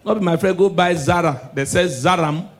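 A man with a Nigerian accent doing stand-up comedy on a live stage, delivering loud, animated punchlines in a mix of Pidgin and English. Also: sits high, brisk, creaky, slight background noise.

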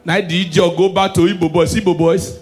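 A man with a Nigerian accent doing stand-up comedy on a live stage, delivering loud, animated punchlines in a mix of Pidgin and English. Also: sits high, fairly quick.

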